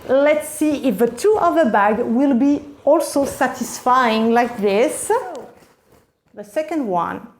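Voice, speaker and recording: A woman's voice: sits high, animated, takes it slowly. A woman, gushing and gasping with delight as she unboxes bags in a casual vlog. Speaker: vlogger.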